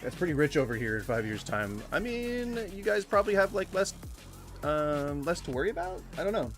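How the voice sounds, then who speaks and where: A man's voice: a little high, brisk, soft background music. A man streaming casual commentary while reacting to videos, rambling and cutting himself off mid-thought. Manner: rambling, self-interrupting, animated.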